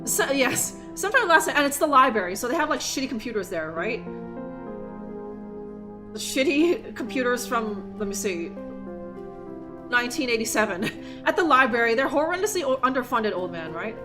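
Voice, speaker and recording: Her voice sits on the high side with lively intonation, moving at normal speed and pausing often. Over background music, the young woman livestreams her gameplay, rambling, swearing, and interrupting herself as she goes.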